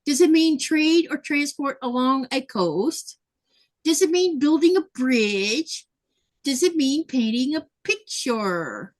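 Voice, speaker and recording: A woman's voice: high-pitched, lively intonation, takes it slowly. Chatty woman hosting a sewing livestream. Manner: chatty, laughs often, reads viewer comments aloud. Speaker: livestream host. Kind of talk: casual livestream chat while sewing.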